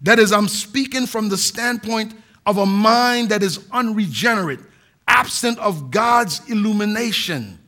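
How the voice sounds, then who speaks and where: High-voiced man preaching a sermon. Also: measured pace, sharp tone. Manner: earnest preaching with emphatic stresses and some restarts. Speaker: pastor.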